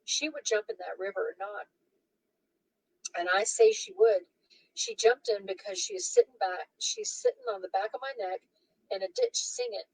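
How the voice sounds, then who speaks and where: A man's voice: extremely high pitch, huge pitch swings, normal speed, vocal fry, breathy edge, no room sound, pitched above the performer's own voice, exaggerated voice, low-quality recording. A woman voicing a hot-tempered young husband who blusters and threatens. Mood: angry.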